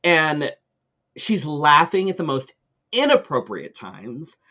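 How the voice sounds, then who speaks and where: Animated, swearing male talk-show host. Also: fairly high pitch, slow, muffled recording. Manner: animated storytelling with frequent swearing and fillers. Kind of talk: casual chat, ranting anecdote.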